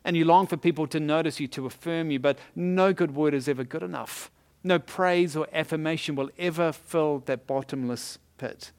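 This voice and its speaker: A pastor delivers a sermon in a storyteller's manner. His voice sits a bit high for a man, and he breaks into chuckles and asides to the congregation as he goes. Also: normal speed, a little mellow, smooth.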